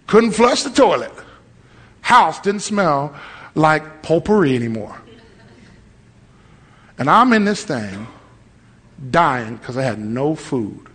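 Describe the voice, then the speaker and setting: A preacher man delivering a lively storytelling sermon, acting out voices and rising to shouts. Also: high-pitched, slightly rough. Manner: animated, acts out voices, shouts at peaks. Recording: long hall reverb.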